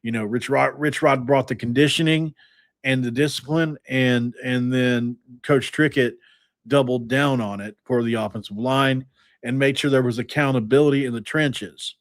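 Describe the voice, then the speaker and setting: Energetic man on a sports podcast. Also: medium pitch, normal speed, no room sound. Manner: energetic, stat-heavy, rambling. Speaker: podcast host. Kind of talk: casual sports talk.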